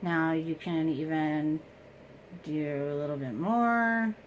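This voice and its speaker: A woman's voice: low voice, slow pace, a little hiss or hum, poor audio. A woman chatting casually through a makeup tutorial at home, explaining each step and joking about herself. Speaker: beauty vlogger.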